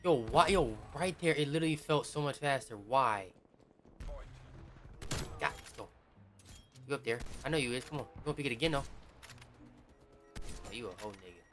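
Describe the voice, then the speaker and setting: A man giving casual gameplay commentary as a gaming YouTuber, slangy and profane, often shouting at the game. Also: mid-range voice, normal speed, long pauses, soft background music.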